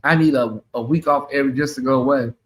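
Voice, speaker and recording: A man's voice: mid-range voice, fairly even intonation, quick pace. A man hosting a casual livestream chat, sassy and chatty, calling his listeners honey and y'all. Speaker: channel host.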